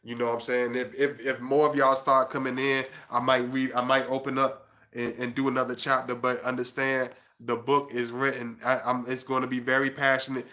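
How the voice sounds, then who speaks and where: A man talks to his viewers in a bright, edgy voice that stays on a narrow, even pitch. His chat stumbles and restarts often. When he reads his own prose, he slows down and turns hushed. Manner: halting, with many restarts while chatting; slow and hushed when reading his prose. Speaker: author and channel host. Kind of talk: casual livestream chat and reading aloud.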